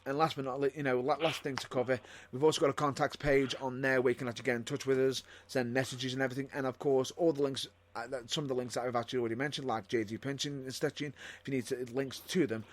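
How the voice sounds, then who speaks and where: Male podcast co-host, mid-pitched, rambling, chatty sign-off reads. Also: flat delivery, fast, hardly any pauses. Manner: rambling, repeats himself and restarts. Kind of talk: casual podcast chat.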